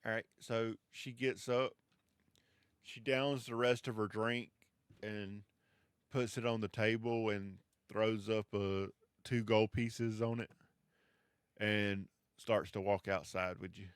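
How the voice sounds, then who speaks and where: A man narrating a tabletop game as game master in a relaxed, drawling way. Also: fairly low pitch, slow pace, clear, resonant tone, no echo, clean studio sound.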